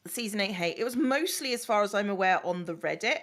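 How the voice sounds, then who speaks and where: Female guest streamer, mid-pitched voice, relaxed and chatty, thanks viewers. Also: fast. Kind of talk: casual chat.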